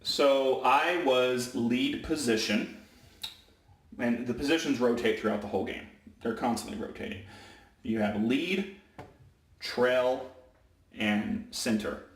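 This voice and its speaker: Referee-type man talking, loose and rambling, mid pitch, recorded in a roomy space away from the mic. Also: takes it slowly, pauses often, recorded from a distance. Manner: rambling, self-correcting, with many fillers. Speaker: high school basketball referee. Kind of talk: casual storytelling vlog.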